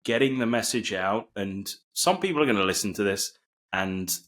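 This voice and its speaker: A man hosting a podcast, speaking slowly and in a monotone in a casual interview. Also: lowish voice. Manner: slow and monotone. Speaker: podcast host.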